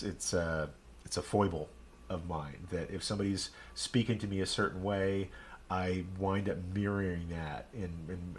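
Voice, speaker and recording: A man's voice: low voice, a little hiss or hum. A man from Texas with a Texan accent, a rabbi chatting casually and rambling on a live stream. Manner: rambling, chatty, self-deprecating.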